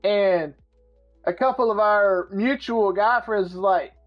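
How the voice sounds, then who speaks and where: A man hosting a podcast, telling a story in a casual, profane and animated way. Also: high voice, takes it slowly. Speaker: podcast host. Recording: slightly muffled with faint music.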